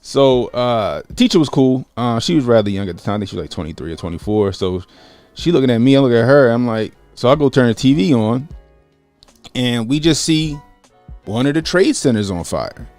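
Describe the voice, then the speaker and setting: A man in his late thirties from Baltimore, hosting a casual livestream, greeting chat viewers and telling a story with lively acted-out quotes. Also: medium pitch, fairly quick, soft background music. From Baltimore, USA. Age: 30s. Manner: animated, acts out quotes, greets chat by name. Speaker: livestream host.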